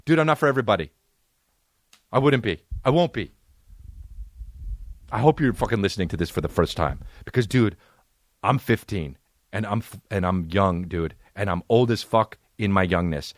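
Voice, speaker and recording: A man's voice: lowish voice, lively intonation, normal speed, long pauses, dry recording, studio quality. A man hosting a comedy podcast, ranting in a profane, sarcastic way. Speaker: podcast host.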